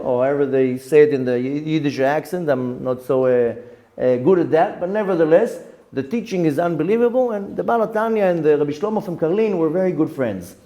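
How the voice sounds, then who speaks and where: A man teaching a Torah lesson, voice fairly high and mellow. He tells a story with energy, repeats his words as he goes, and acts out the people in it. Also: highs cut off. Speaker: rabbi.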